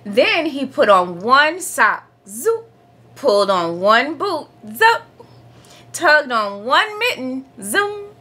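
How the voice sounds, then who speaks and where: A woman reading a picture book aloud for children as a storytime host, playful and animated, acting out sound-effect words. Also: sits high, slow, few pauses, breathy edge. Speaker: storytime reader.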